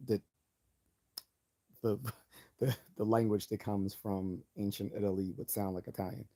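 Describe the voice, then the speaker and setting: A man's voice: lowish voice, mellow. A man hosting a live stream, reading an article aloud and breaking off into chatty, opinionated asides.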